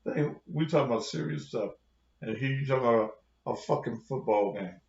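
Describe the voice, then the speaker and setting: A man's voice: mid-range voice, a little fast, darkish tone. A man who is a pastor, delivering a heated, confrontational rant full of cursing to his online audience. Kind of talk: profane livestream rant. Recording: roomy, dull lo-fi sound.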